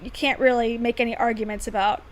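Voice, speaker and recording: A woman's voice: on the high side, steady tone, fast, rough recording. A woman from Florida, co-hosting a livestream in casual, self-deprecating chat and laughing often. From Florida, United States. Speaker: livestream co-host.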